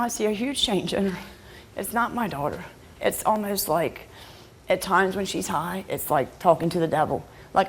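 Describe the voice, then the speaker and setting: A middle-aged woman, a mother on a talk show, pleading emotionally and often speaking softly. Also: fairly low pitch, a little hiss or hum.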